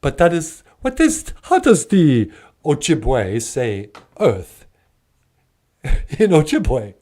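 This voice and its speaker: A man's voice: a little high, huge pitch swings, slow pace, a little mellow, heavily acted. A man doing a put-on Transylvanian accent as a theatrical male vampire count who is obsessed with counting and laughs "ah, ah, ah".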